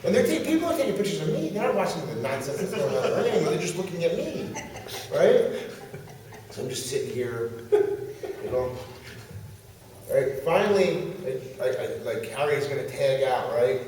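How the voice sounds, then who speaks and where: A man with a fairly high voice tells an animated wrestling story and laughs along as he goes. He sounds far from the mic, in a big, echoey convention hall with a long reverb tail. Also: moderate pace, long pauses. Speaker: pro wrestler guest.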